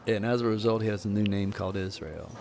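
A man's voice: fairly low pitch, steady tone, fast talker, a little mellow, a little hiss or hum. A man who was once a minister, talking earnestly and telling stories in a candid conversation about grief. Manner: storytelling, earnest, preacherly. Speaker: podcast host, former minister.

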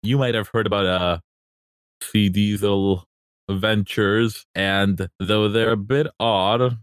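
A sly, smooth-talking crew boss, as a man puts him on in a tabletop game, with a low voice. He wheedles and chats to win someone over. The sound is dry and close. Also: fairly even intonation, takes it slowly, dry recording. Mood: persuasive. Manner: wheedling, persuasive, chatty.

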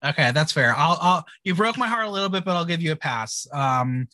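A man's voice: a little high, expressive, a little fast, pushed and bright, dry recording. A man hosting a casual recap chat, playful and theatrical, teasing his co-host. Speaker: podcast host.

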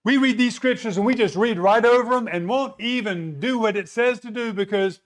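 A man's voice: high voice, fairly quick, hardly any pauses. A man preaching a sermon in a conversational way, often repeating words and asking the congregation questions.

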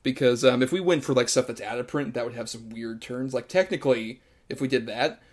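A man hosting a podcast in casual chat, easygoing and quick to laugh. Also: medium pitch. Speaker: podcast host.

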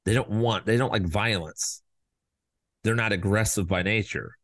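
A man's voice: on the low side, normal speed, no echo. Blunt, fired-up male podcast host. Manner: blunt and profane, swings into loud mocking voices. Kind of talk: fired-up opinion monologue.

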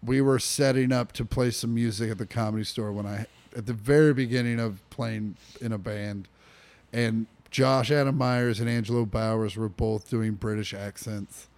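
A man's voice: lowish voice, fairly even intonation, moderate pace, darkish tone. A young man co-hosting a casual podcast from a living room, rambling with lots of fillers, restarts and swearing. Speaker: podcast co-host.

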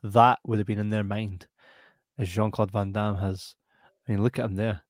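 A man's voice: fairly low pitch, moderate pace, no echo. Laughing Scottish man, dry close sound. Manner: animated and laughing, reads out viewer comments. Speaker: podcast host. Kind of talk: casual chat.

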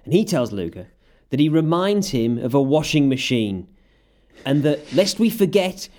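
A man's voice: mid-range voice, very animated, unhurried, a little mellow. A man recapping wrestling in casual podcast chat, sarcastic and often laughing. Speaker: podcast co-host.

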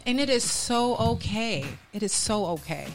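A woman in casual chat, talking in an emphatic, self-assured way with drawn-out phrases. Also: mid-range voice, expressive, creaky, loud music behind the voice.

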